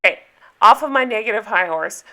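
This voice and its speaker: A middle-aged woman chats through her reality TV recap in a bright, forceful voice at an ordinary pitch. She talks like she is gossiping with friends, laying on the sarcasm and breaking into laughs. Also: lively intonation, fairly quick. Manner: chatty and sarcastic, with frequent laughs. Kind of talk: casual chat.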